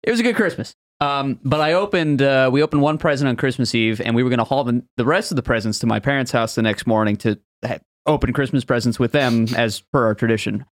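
Man, podcast co-host, relaxed chatty telling, mid pitch, dry close sound. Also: fast talker, few pauses, no room sound. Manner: relaxed, filler-heavy recounting. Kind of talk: casual group chat.

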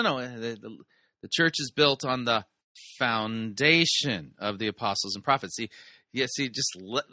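A man's voice: mid-range voice, pushed and bright, dry recording. A man hosting a sermon review, giving casual commentary with wry, sarcastic asides and explaining the Greek text.

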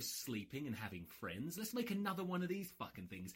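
A man's voice: on the high side, big pitch swings, a little fast, few pauses, a bit bright, breathy edge. A tired man hosting his own rugby podcast, ranting with heavy swearing and sarcasm. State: exhausted. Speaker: podcast host. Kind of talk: solo rugby podcast rant.

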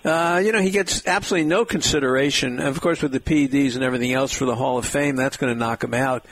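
A man hosting a sports radio talk show, lively and upbeat as he steers the conversation. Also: mid-range voice, fast talker. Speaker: radio host. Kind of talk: casual radio chat.

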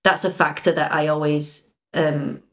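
A woman co-hosting a relaxed podcast chat, with a notably low voice. She tells stories at an easy pace and fills her pauses with ums. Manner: chatty storyteller, frequent ums. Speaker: podcast co-host. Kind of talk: casual chat.

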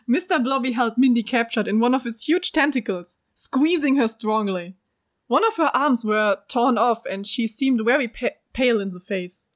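A woman with a fairly high voice reads a story aloud to friends at a moderate pace, acting as narrator. She's chatty and giggly, pausing now and then for jokes.

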